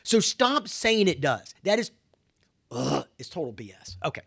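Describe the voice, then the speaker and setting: A man's voice: on the high side, big pitch swings, a little slow, creaky, fairly bright tone, slightly rough. A man giving an impassioned, emphatic monologue on education, getting worked up, repeating himself and telling listeners to wake up. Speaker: education commentator.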